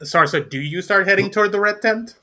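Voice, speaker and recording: Bright-voiced man narrating as game master. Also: sits high, brisk, a little hiss or hum.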